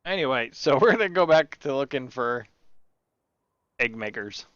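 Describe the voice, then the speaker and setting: A man's voice: medium pitch, lively intonation, moderate pace, a bit bright, clean tone, no echo, dull audio. A man hosting his gaming channel, chatting and rambling through his gameplay and talking to the animals in the game. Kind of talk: casual gameplay commentary.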